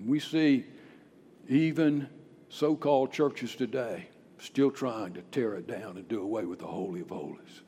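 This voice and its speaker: A man preaching a sermon in a church, swinging from hushed, low passages to loud, emphatic outbursts. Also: unhurried, a little hiss or hum. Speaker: pastor. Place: church sanctuary. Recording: long reverb of a large hall.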